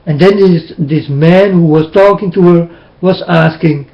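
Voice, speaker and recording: A man's voice: a little high, a little slow, highs cut off. A man preaching intense, repetitive warnings into a webcam. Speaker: self-styled preacher. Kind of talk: webcam sermon.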